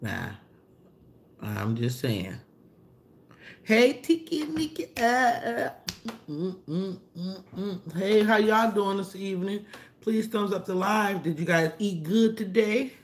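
Woman livestream host, casual chat, slangy, answers comments aloud, animated greetings. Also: unhurried, a little hiss or hum. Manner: chatty, reads and answers viewer comments aloud, loose slangy talk; animated, pitch jumps up for greetings. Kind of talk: casual live-stream chat with viewers.

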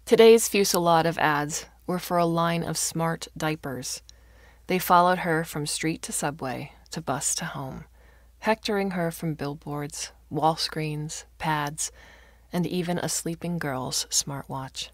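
A woman reading a science fiction story aloud as narrator, with expressive delivery. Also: low voice, slow, no echo, studio quality.

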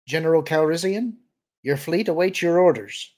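A man's voice: fairly high pitch, expressive, moderate pace, a little mellow, voice pushed up, natural voice. A man putting on Leia, a poised young woman. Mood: formal. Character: woman, young rebel leader, composed.

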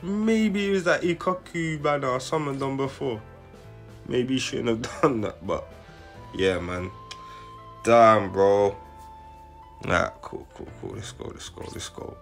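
A young man, giving slang-heavy, excitable commentary straight to his viewers. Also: medium pitch, unhurried, pauses often, faint music behind. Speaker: gaming channel host. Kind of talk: casual live commentary.

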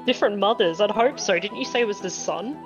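A woman's voice: medium pitch, fast talker, dull audio, faint music behind. An Australian woman playing in a tabletop game, teasing and joking in casual chat. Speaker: player on the podcast.

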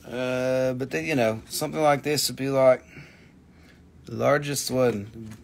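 A man's voice: medium pitch, fairly even intonation, measured pace, vocal fry, slight background noise. A man hosting a live crystal sale, chatting casually with viewers, swearing freely and answering their questions. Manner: loose, profane, reads out viewer questions. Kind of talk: casual live-stream sales chat.

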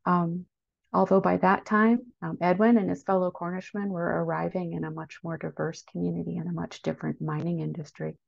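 A woman presents slides at a seminar in a low, flat voice with a gravelly edge. She talks haltingly, full of ums and restarts. The sound is a dull, dry video-call recording. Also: no echo. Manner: hesitant, many ums and restarts. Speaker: national park historian presenting at a seminar. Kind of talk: slide-based seminar talk.

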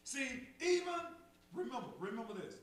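A man's voice: extremely high pitch, very animated, normal speed. A man preaching a call-and-response sermon, repeating phrases and rising in fervor. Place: church sanctuary. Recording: echoey church from far off, faint hum.

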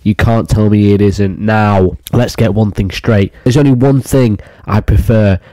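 A man rants in a put-on stern, mock-angry voice, crude and full of swearing. His tone is dark and mellow, and the sound is dry and close with no room around it. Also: on the low side, fairly even intonation, measured pace, no room sound. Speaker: comedy commentary youtuber. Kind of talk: ranting comedic commentary.

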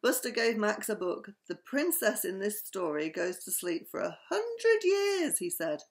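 A woman's voice: mid-range voice, sing-song, a little slow. A woman reading a children's bedtime story aloud and signing off to the children listening. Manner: warm sign-off to family children. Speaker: storybook reader.

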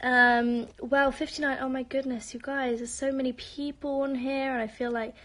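Answering fans in a casual live-stream Q&A, a young woman with a British accent, Spanish-born and London-raised, talks in a high, fairly bright voice with a level tone at normal speed. She's chatty and bubbly, slipping into whispers for asides while holding her phone at arm's length.

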